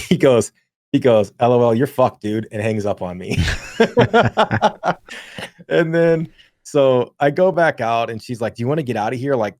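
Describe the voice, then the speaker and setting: A man's voice: fairly low pitch, a little mellow, dry recording, clean studio sound. A man in his thirties co-hosting a podcast, telling a long story casually with lots of swearing and filler words. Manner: rambling, profane, many fillers. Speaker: podcast co-host.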